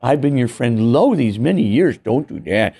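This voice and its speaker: A man's voice: mid-range voice, lively intonation, normal speed, gravelly, mellow, breathy edge. A man voicing a clinging, wheedling male lizard demon that coaxes and pleads. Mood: pleading. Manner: pleading, coaxing.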